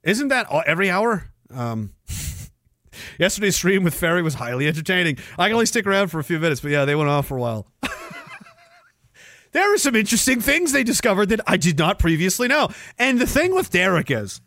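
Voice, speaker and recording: A man with a high, lively voice that swings widely as he hosts a loose, foul-mouthed livestream. He jokes crudely and laughs often between chat messages. The sound is close and dry, with no room around it. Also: fairly quick, no echo. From Canada. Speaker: livestream host reading chat. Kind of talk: casual profane livestream chat.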